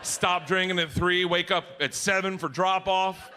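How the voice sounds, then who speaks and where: A middle-aged man performing stand-up comedy on stage, telling loud, rowdy stories and shouting his punchlines. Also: high voice, steady tone, a little slow, noisy background. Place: comedy stage before a live audience.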